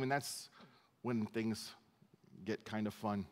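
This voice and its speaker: A man's voice: lowish voice, fairly even intonation, slow, long reverb tail. A male pastor preaching a sermon in a conversational, self-deprecating way. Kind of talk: sermon, verse-by-verse teaching.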